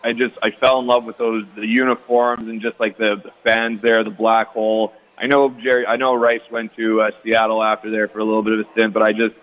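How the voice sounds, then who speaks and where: A man's voice: on the low side, flat delivery, fairly quick, few pauses, a bit bright, dull audio. A man in his thirties from Canada, a guest athlete chatting casually in an interview, easygoing and rambling with lots of fillers.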